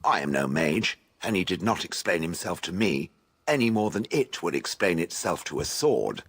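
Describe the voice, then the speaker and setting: An actor playing a haughty, aloof male stone golem in a game, speaking with posh, husky dryness. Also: low voice, very animated, moderate pace, a bit bright, exaggerated voice. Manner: posh, refers to others as "it". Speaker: game character. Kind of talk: voiced game dialogue.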